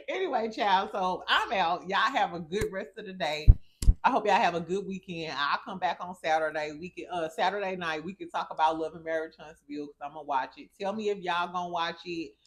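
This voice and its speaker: A woman's voice: fairly low pitch, fairly quick. A young woman hosting a casual gossip vlog, sassy and profane, laughing often as she talks. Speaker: vlog host.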